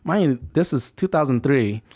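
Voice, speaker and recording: A man's voice: mid-range voice, expressive, moderate pace, dark tone. A man in his forties, telling a story in a casual interview and acting out other people's lines. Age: 40s. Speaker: podcast guest.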